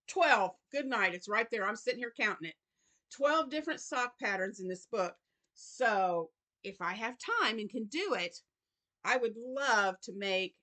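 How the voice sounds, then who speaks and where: Bright-voiced chatty woman. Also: medium pitch. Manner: warm chatty talk with many ums and y'alls. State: choked up. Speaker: crochet channel host. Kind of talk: casual vlog chat.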